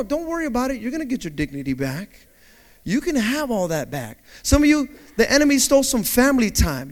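Lively high-voiced male preacher. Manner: storytelling that builds to shouted preaching. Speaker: pastor. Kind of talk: sermon with personal story. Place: church.

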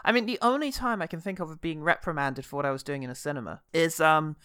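A man's voice: a little high, fast, clear, resonant tone, dry recording, studio quality. A man co-hosting a podcast, chatty and laughing often. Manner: chatty, laughs often, does animated impressions. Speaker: podcast co-host. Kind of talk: casual chat.

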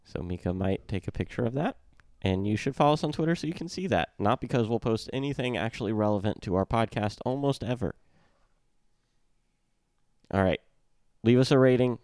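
A man's voice: on the low side, warm tone, clean tone, dry recording, clean studio sound. A man hosting a casual podcast, sounding stuffy and congested from illness, joking and laughing often. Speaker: podcast host. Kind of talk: casual chat.

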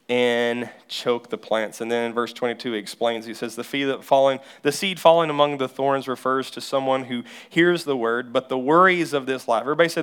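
A man's voice: mid-range voice, fairly bright tone, clear, resonant tone. A male pastor preaching a sermon in a church, telling stories and acting out people's voices.

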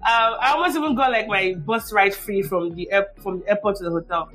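A woman's voice: mid-range voice, fairly quick, fairly bright tone, soft background music. A woman hosting a podcast, asking long, rambling questions full of asides. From Nigeria. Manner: rambling, many asides and restarts. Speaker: podcast host.

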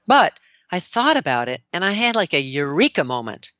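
Guest, woman in her 60s, from the US, bright and lively, dull remote-call sound. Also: on the low side, moderate pace, dry recording. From United States. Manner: enthusiastic, animated storytelling. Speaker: guest, nurse practitioner. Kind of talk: casual interview talk.

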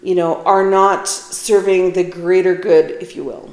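A middle-aged woman hosts her own podcast in an echoey room, talking casually and candidly with a self-deprecating streak. Her voice is lowish and darkish, with a steady tone and an unhurried pace. It's casual solo podcast talk.

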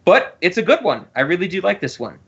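A man's voice: high voice, big pitch swings, brisk, a bit bright, husky, dull audio. A man co-hosting a casual podcast, rambling and laughing often as he talks. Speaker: podcast co-host.

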